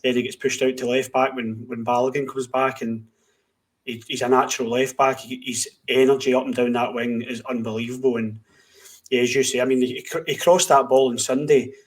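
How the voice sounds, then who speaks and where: Flat-voiced man talking football. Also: medium pitch, a little fast. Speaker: podcast co-host. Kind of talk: casual football chat.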